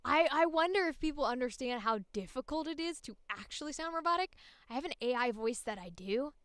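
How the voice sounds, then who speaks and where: Bright-toned woman in chatty stream talk. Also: sits high, expressive, brisk, clean tone, dry recording, studio quality. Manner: chatty, laughing, swearing freely. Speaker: voice actor streamer. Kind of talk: casual livestream chat.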